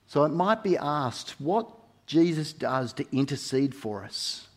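A man's sermon is a little slow, with lively intonation and a fairly high voice. He shifts between quiet intimacy and loud emphasis, leaning on repeated key phrases for weight.

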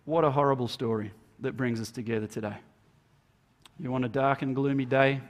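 A man, a minister, giving a Good Friday sermon as storytelling, swinging between emphatic lines and hushed, slowed ones. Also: mid-range voice, fairly even intonation.

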